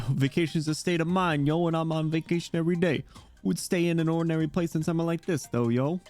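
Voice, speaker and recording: A man's voice: on the high side, fast, darkish tone, soft background music, pitched above the performer's own voice, close to an everyday voice. A man voicing a swaggering immortal emperor penguin rapper who talks in laid-back slang, reading a game story aloud. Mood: cocky.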